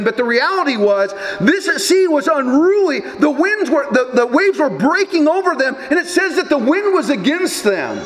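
A man preaching a sermon in a conversational, folksy way with casual asides. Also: extremely high pitch. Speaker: pastor. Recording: long hall reverb, faint background noise.

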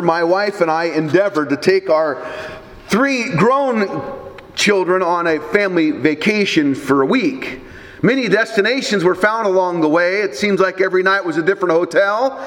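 A middle-aged male pastor with a notably high voice delivers a sermon in a church, mixing scripture with folksy anecdotes and dry humor. His words ring out with a long reverb through the sanctuary. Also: fairly bright tone.

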